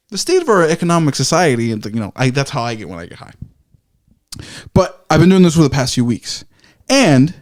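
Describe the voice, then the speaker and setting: In a medium-pitched, slightly mellow voice, a male podcast co-host rambles through a casual story, correcting himself as he goes. He swears freely and voices his own reactions as quoted asides.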